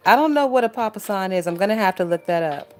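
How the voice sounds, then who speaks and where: A woman's voice: mid-range voice, expressive, fast, a little hiss or hum. A young woman hosting a casual commentary stream, swearing, laughing and sounding exasperated as she reads chat comments. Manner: profane, exasperated, laughs a lot. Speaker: YouTube commentary host. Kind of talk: casual reaction commentary reading live chat. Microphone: phone.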